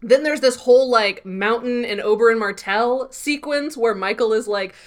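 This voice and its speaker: A woman's voice: on the high side, moderate pace. Chatty woman recapping a TV episode. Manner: chatty recap with frequent fillers and laughs. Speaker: podcast co-host recapping a TV episode. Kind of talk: casual chat.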